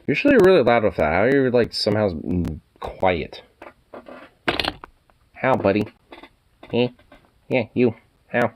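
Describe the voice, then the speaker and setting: A man's voice: fairly low pitch, big pitch swings, a little slow, pauses often. A man streaming casually, cooing baby talk at his dog and chatting with viewers, swearing freely. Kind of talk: casual chat.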